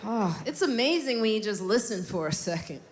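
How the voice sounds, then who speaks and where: A woman doing a stand-up set in a comedy club, telling stories brashly and animatedly with big jumps in pitch. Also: animated, fairly quick. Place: comedy club stage with laughing audience. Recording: loud crowd laughter and noise.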